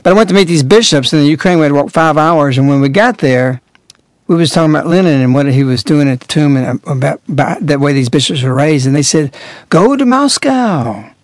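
A man giving an earnest, emphatic religious radio talk, stressing key words by rising in pitch. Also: fast, dry recording. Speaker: radio commentator.

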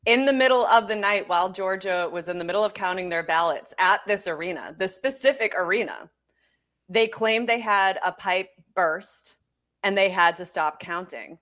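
A woman's voice: mid-range voice, moderate pace, a bit bright. A woman co-hosting a political talk show, speaking firmly and with indignation. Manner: firm, indignant. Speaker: co-host.

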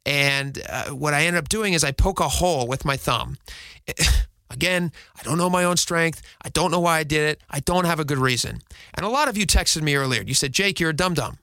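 A married man hosting a radio show, telling a self-mocking story in a casual, animated way and laughing now and then. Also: on the high side, a little fast, no echo. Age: adult, married.

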